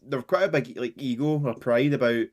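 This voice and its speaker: A man's voice: mid-range voice, moderate pace, a little mellow. A man co-hosting a history podcast, chatting casually, rambling and often laughing. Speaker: podcast co-host.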